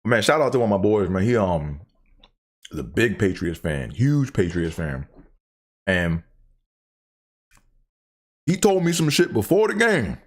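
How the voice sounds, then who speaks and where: A man's voice: fairly low pitch, very animated, unhurried, long pauses. A man hosting his own show, telling stories in a casual, profane, joking monologue. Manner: profane, laughing storyteller. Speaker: host.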